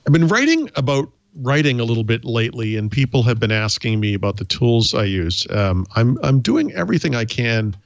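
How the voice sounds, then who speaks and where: A man's voice: mid-range voice, very animated, brisk, gravelly, hardly any pauses, dry recording, lo-fi sound. A man with a Boston accent, co-hosting a tech podcast in easygoing, wry casual chat with many ums. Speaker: podcast co-host.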